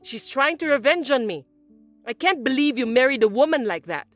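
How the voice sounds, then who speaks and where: A woman's voice: sits high, animated, moderate pace, no room sound, soft background music. A woman voicing an older mother-in-law who is domineering and accusing, in a dramatized story reading. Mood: self-pitying. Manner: indignant, accusing, whiny.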